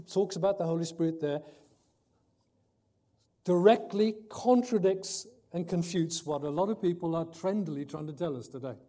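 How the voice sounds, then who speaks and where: Emphatic male preacher, mellow tone. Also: high voice. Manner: emphatic, swings between loud and soft; reads scripture aloud, corrects himself. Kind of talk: sermon.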